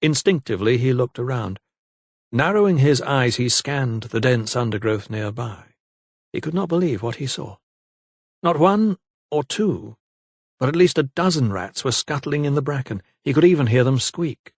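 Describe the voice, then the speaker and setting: A man's voice: medium pitch, animated, moderate pace, no echo. Man narrating an audiobook, dry close sound. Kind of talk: scripted narration.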